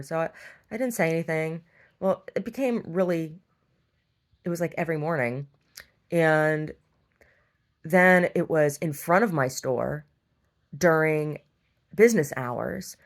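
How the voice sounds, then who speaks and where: A middle-aged woman who owns a store tells a long, rambling story in a casual monologue, growing exasperated and restarting often. Her voice is low-pitched, her pace is normal, and she leaves long pauses.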